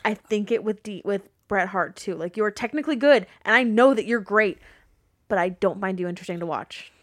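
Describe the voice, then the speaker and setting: A woman co-hosting a wrestling podcast, talking in a blunt, animated, casual way and swearing freely. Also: medium pitch, brisk, no echo, studio quality. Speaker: podcast co-host. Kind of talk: casual wrestling recap chat.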